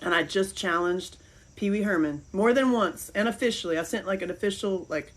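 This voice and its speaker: A middle-aged woman hosting a podcast, chatting casually and telling rambling, animated stories. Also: mid-range voice, a little fast, a little hiss or hum. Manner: rambling, animated storytelling with laughs. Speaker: podcast host. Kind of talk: casual chat.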